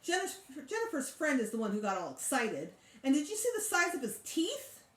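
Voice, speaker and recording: A woman's voice: wildly swooping pitch, a little fast. A woman voicing a fussy, boastful young girl who complains and exaggerates, read aloud from a storybook. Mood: complaining. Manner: complaining, exaggerating, high-strung. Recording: echoey room.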